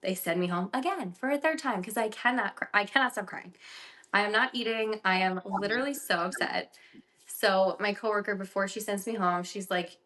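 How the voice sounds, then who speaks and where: A woman's voice: mid-range voice, moderate pace, bright, forceful tone. A young woman co-hosting a casual podcast, telling a personal story animatedly with lots of "like" fillers. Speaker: podcast co-host.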